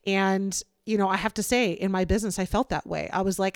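A woman's voice: mid-range voice, steady tone, brisk, hardly any pauses, no echo, clean studio sound. A woman hosting a solo podcast, talking openly and without filter in a conversational way with frequent fillers. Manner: open, unfiltered, conversational with many fillers. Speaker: podcast host. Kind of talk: candid solo podcast monologue.

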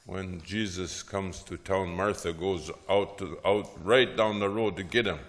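A man teaching about preaching, who tells Bible stories in a lively way with frequent "huh?" asides and chuckles. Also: low-pitched, measured pace, big-room sound.

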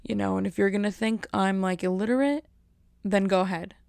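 A woman's voice: mid-range voice, fairly quick, creaky, darkish tone, no echo, studio quality. Rambling, jokey woman vlogger. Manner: rambling, jokey, self-mocking. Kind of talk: casual chat to camera.

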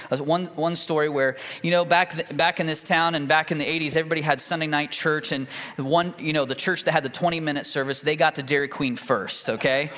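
A man's voice: a little high, fairly bright tone. A man preaching a sermon as a pastor, telling a story in a folksy, conversational way with fillers and restarts. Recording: long reverb of a church hall.

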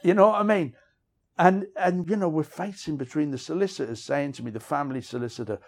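A man's voice: on the high side, a little fast. A middle-aged man, a writer and interview guest, telling frank personal stories in a rambling way, often saying "you know what I mean". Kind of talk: candid personal storytelling.

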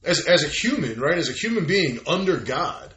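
A man talking in a casual conversation, animated and profane, acting out quoted voices as he goes. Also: fairly high pitch, moderate pace, reverberant.

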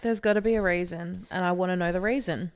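A woman's voice: fairly low pitch, steady tone. A young woman co-hosting a podcast, chatting casually and asking curious questions. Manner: curious, quick questions and agreeing. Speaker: podcast co-host. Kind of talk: casual gossip chat.

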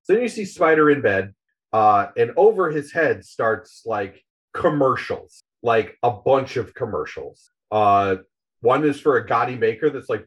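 A man's voice: medium pitch, lively intonation, measured pace. Rambling man retelling a comic story. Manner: rambling, many fillers, acts out quotes. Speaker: podcast co-host recapping a graphic novel. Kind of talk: casual retelling with quoted voices. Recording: slightly dull, lo-fi audio.

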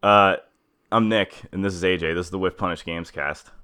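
A man's voice: low voice, steady tone, fairly quick, sharp tone, smooth. A young man hosting a podcast, chatting in a laid-back way, laughing easily and swearing casually. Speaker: podcast host.

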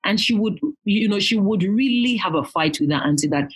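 Husky woman telling her story. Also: medium pitch, fairly quick, low-quality recording. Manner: earnest, animated when quoting others. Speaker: guest. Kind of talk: reflective storytelling.

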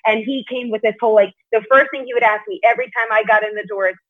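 A woman's voice: a little high, fairly even intonation, fast. A woman guest in a casual interview, speaking candidly and chattily and swearing now and then. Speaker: podcast guest, martial arts competitor. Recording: tinny phone-like line.

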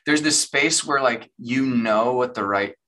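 A man with a bright, forward voice speaks as a podcast guest. He talks with earnest, animated conviction in a relaxed, candid conversation. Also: mid-range voice, slow. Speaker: guest musician.

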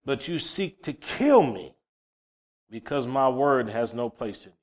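A man's voice: medium pitch, animated, unhurried. A man preaching a sermon, fervent and emphatic, often repeating words as he starts a phrase. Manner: fervent, rising to loud emphatic peaks.

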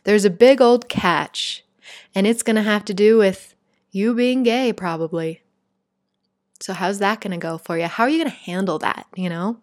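A woman's voice: medium pitch, moderate pace, no room sound, close to an everyday voice. A woman voicing the universe as a teasing, knowing cosmic presence in a dry, close recording.

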